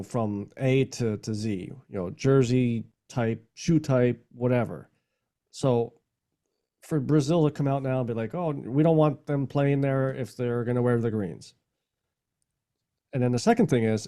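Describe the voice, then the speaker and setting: Co-host, man, mellow tone, casual, halting delivery. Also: mid-range voice. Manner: laughs often, halting restarts. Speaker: podcast co-host. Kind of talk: casual sports chat.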